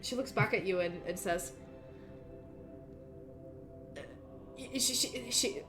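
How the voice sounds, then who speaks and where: A woman's voice: mid-range voice, takes it slowly, music in the background. A woman narrating as game master of a tabletop role-play, casual and giggly. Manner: casual, giggly, restarts often.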